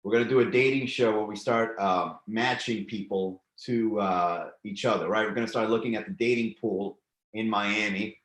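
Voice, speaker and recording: Profane casual live-stream host, echoey room. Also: male voice, lowish voice, fairly even intonation, normal speed, fairly bright tone. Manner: loose and profane, riffs on chat comments. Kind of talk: casual live-stream chat reading comments.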